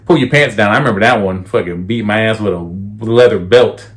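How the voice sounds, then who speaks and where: A man's voice: fairly low pitch, brisk. Profane joking young man telling stories. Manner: profane, joking, laughs often. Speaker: podcast co-host. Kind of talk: casual storytelling chat.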